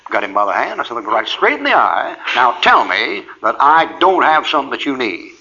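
A man's voice: medium pitch, big pitch swings, fairly quick, gravelly, sharp tone, lo-fi sound. A man preaching a sermon, telling a personal story in a folksy way and acting out both sides of each conversation.

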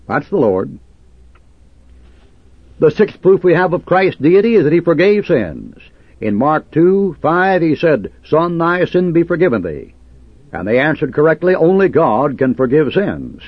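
Combative male preacher, husky and animated, on a dry, lo-fi recording. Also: fairly high pitch, unhurried, dry recording. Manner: combative, sarcastic, preaching in old King James cadence. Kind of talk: fiery fundamentalist sermon.

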